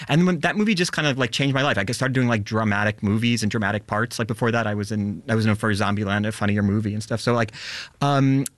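Animated, chatty male actor guest. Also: fairly low pitch, dry recording. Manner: fast, animated, self-deprecating talk with many fillers. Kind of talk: casual interview chat.

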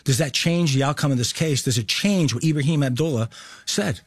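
A man's voice: medium pitch, a little fast, husky, dry recording. A man insisting on his side in an interview, emphatic and argumentative.

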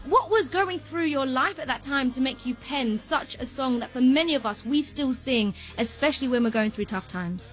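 High-voiced woman interviewer. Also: expressive, normal speed, few pauses, soft background music. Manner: short affirming interjections. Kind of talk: interview questions.

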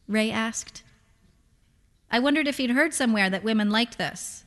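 A woman's voice: on the high side, normal speed, fairly bright tone. A woman narrating literary fiction in a dry, wry storytelling manner. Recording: long hall reverb.

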